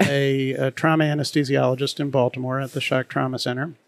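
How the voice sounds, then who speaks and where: A man being interviewed as a guest, speaking in a relaxed, wry, self-deprecating way. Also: medium pitch, fairly quick, dry recording. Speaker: guest, physician executive. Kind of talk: casual interview.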